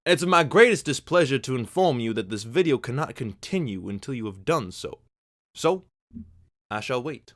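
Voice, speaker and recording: A man doing a hammy impression of a drawling Southern gentleman detective, with an exaggerated put-on Southern American accent. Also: medium pitch, expressive, moderate pace, dry recording, lightly acted. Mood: mock-grave. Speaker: impression of a film character.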